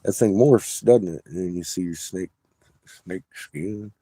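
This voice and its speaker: A middle-aged man with a low, dark voice talks in a casual, rambling monologue. He swears freely and gets excitable and conspiratorial as he points out shapes in his rocks. He is recording inside an RV. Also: a little slow, no room sound. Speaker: vlogger showing rocks.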